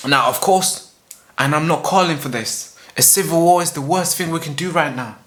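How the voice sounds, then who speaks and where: A man hosts his own commentary video and talks at the camera in an emphatic, repetitive way, full of fillers and restarts. His voice sits a little high and sounds bright and tense. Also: moderate pace. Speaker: host.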